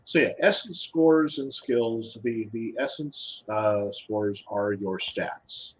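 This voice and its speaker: Husky, low-voiced man explaining haltingly. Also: low-quality recording. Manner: halting, with frequent restarts and repeated words. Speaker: guest game designer previewing a rulebook. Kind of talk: casual podcast explanation.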